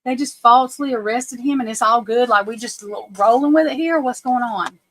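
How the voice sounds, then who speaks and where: A woman's voice: on the high side, brisk, no room sound, low-quality recording. A woman hosting a casual livestream, anxious and flustered, often breaking off and restarting her sentences. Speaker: livestream host.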